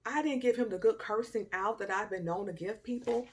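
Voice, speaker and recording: A young woman telling a personal story to camera in a casual, animated way, with loud outbursts, quiet murmurs and slangy asides. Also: medium pitch, brisk. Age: young adult. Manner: informal Southern-style slang and asides. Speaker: storytime vlogger.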